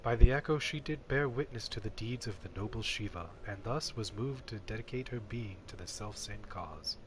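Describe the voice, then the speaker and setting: A man's voice: lowish voice, moderate pace, background noise, natural voice. A man voicing a male game character in a put-on Scottish accent, with lofty, archaic phrasing. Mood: solemn.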